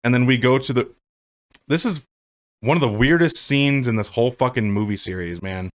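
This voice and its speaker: A man's voice: mid-range voice, normal speed. A man casually recapping a movie scene by scene on a podcast, joking, swearing and breaking into silly voices. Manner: goofy, profane, does silly character voices. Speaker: movie rewatch podcast co-host. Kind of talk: casual movie commentary chat.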